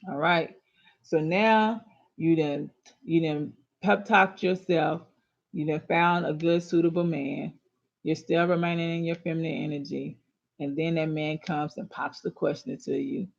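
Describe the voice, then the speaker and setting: Scolding her female listeners, a woman hands out casual relationship advice with sass, emphasis and colloquial phrasing; she hosts a show on relationships and astrology. Her low, creaky voice keeps a steady tone at a measured pace. The recording is dull and lo-fi.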